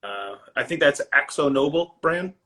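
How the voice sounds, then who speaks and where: Bright-voiced man with a Maine accent. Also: on the high side, lively intonation, normal speed. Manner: chatty, laughs easily, self-interrupting. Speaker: guest. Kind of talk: casual podcast chat.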